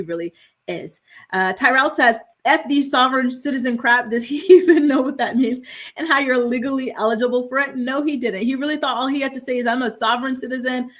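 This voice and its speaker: A young woman hosting a casual gossip livestream, chatting and reading viewer comments aloud with frequent laughs. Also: fairly high pitch. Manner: chatty, animated, laughs often. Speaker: host of a morning gossip show.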